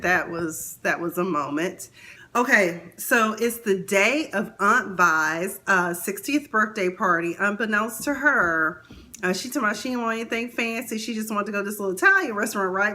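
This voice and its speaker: A woman's voice: medium pitch, normal speed, bright, forceful tone. A woman hosting a casual TV recap, chatting and acting out the characters' lines with big swings in her voice. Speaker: TV recap host.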